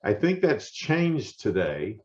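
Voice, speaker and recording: A man's voice: lowish voice, huge pitch swings, slow pace, darkish tone, muffled recording. An older man, a former coach, interviewing and reflecting on his own coaching days. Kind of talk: casual interview chat.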